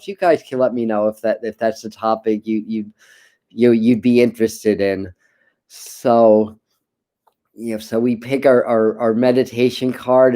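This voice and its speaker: A man hosts a live tarot reading stream in a loose, chatty way, often restarting his sentences. His voice is mellow and warm, with a smooth, resonant tone. He sounds like he is talking into a desk mic at home. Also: medium pitch. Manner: relaxed, rambling, frequent restarts and repeated words. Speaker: tarot reader and livestream host. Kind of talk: casual live-stream talk.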